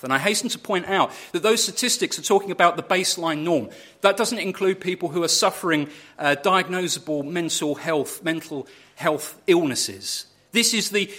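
A man preaching a sermon in a church, earnest and measured, building his points through steady repetition. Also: on the high side.

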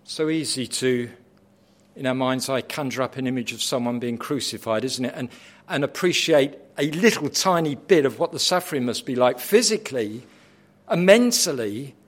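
A man preaching a sermon, dramatic, swinging from hushed lines to loud, intense ones. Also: mid-range voice, animated, normal speed.

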